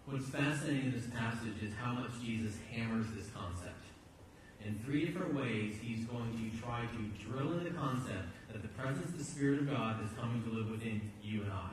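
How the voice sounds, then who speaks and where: A man's voice: mid-range voice, animated, normal speed, background noise. A man preaching a sermon as pastor, in a conversational, emphatic way, often repeating words as he goes. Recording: echoey hall, distant mic.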